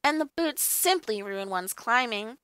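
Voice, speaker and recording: Dan, a woman voicing a lively schoolboy. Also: a little high, measured pace, clear, resonant tone, no echo, clean studio sound. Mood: eager. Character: lively young English schoolboy.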